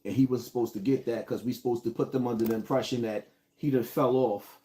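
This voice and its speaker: A fast-talking man with a medium pitch, steady delivery, and dark tone chats casually on a livestream. Hailing from the Bronx, New York, he pumps up viewers and greets them by location.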